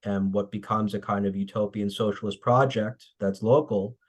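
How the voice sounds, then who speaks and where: Low, flat-voiced man. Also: moderate pace. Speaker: author discussing his book. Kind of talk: academic conversation.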